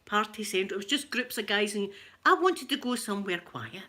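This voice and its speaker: A Scottish woman with a rough voice, chatting casually and laughing as she tells stories to viewers on a live stream. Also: medium pitch, lively intonation, a little fast, sharp tone. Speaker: livestream host chatting with viewers.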